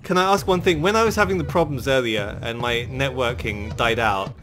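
A man hosting a let's play, chatting casually and joking with friends while gaming, quick to yelp in alarm. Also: mid-range voice, faint music behind. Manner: jokey, excitable, quick to yelp.

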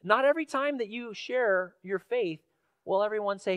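A man's voice: sits high, moderate pace, fairly bright tone, smooth, no echo. A male pastor from Washington State preaching a sermon in a church, telling stories casually with fillers and building to emphatic questions. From Washington State, USA. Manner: conversational storytelling with fillers, rising to emphatic questions. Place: church sanctuary.

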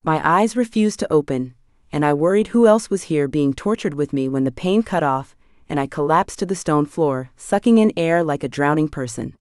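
A woman's voice: low voice, lively intonation, normal speed, darkish tone, no room sound, clean studio sound. A woman reading a first-person fantasy audiobook with a tense, dramatic delivery. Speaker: audiobook narrator.

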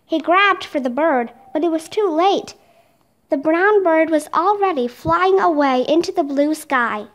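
A woman reads a children's chapter book aloud in clear, expressive narration. Her voice is very high. It moves a lot as she tells the story. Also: a little slow. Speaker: storybook reader.

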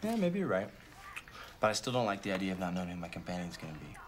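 A young man with a very deep voice, dry and grumbling, who slips sarcasm into every remark. Steady background noise sits under the film sound. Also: rapid-fire. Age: young adult. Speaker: missionary.

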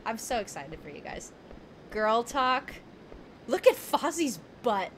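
Slow and sing-song, this young woman's fairly high, creaky, slightly bright voice narrates her live game stream as she chats with viewers, giggles, and reads game text aloud. Game music plays underneath, along with a faint hiss or hum.

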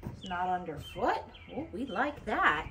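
A woman's voice: mid-range voice, very animated, a little slow. A woman breeder talking to a puppy in cooing, sing-song baby talk while commenting to the camera. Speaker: dog breeder evaluating a puppy. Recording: noisy background.

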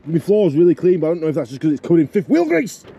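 A Yorkshire man rants from his truck cab, his voice swinging wildly up and down as he swears in comic exasperation. The pitch sits a little high, and the steady rumble of the vehicle comes through clearly behind him. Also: racing. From Yorkshire, England. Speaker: truck driver vlogger. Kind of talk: casual vlog.

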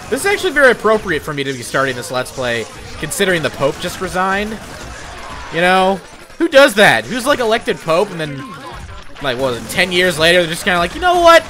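Excitable, swearing let's play man. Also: fairly high pitch, fairly quick, soft background music. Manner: profane, excitable, sarcastic jokes while playing. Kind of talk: gameplay commentary.

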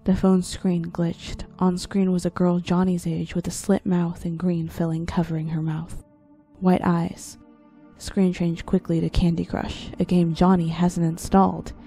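A low, gravelly woman reading a creepypasta aloud. Her voice is dark and mellow, with a rough edge of vocal fry. A faint music bed runs under the narration. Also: flat delivery, measured pace. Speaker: story reader.

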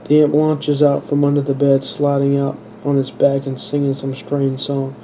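A man reads his own story in a flat, unvarying voice with a dark, mellow tone. He stumbles and restarts words as he goes. The recording is dull and lo-fi with a faint hiss behind it. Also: mid-range voice, moderate pace. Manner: monotone reading with stumbles and restarts. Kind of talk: unpolished audiobook narration.

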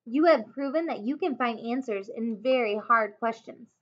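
A woman voicing a wise, calm enchantress in a children's story, soft and soothing. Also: on the high side, moderate pace. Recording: dull lo-fi home recording.

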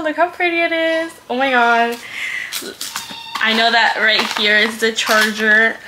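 A woman's voice: mid-range voice, background noise. A young woman vlogger chatting through an unboxing, gushing and giggling as she talks. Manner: gushing, giggly, says "oh my god" often. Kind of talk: casual unboxing vlog.

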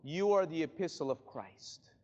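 A male pastor preaching a sermon in a church, dramatic, swinging from loud bursts to hushed drops. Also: on the high side, expressive, moderate pace, lo-fi sound. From Spanish-speaking background. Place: church sanctuary.

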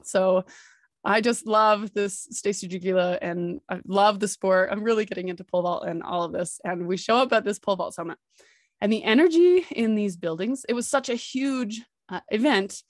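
A woman hosting a podcast, telling a personal story in an excitable, gushing, animated way. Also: mid-range voice, normal speed, no echo, studio quality. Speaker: podcast host.

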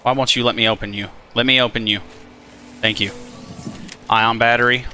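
A man giving casual let's play commentary on a game, chatty and animated, swearing and talking to the creatures on screen. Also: mid-range voice, normal speed, faint music behind. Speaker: gaming channel host.

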